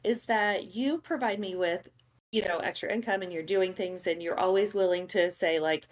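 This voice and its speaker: A woman's voice: on the low side, moderate pace. A woman editor talks casually as a podcast guest. Her humor is dry and wry, and she answers in an easygoing way. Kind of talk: casual chat.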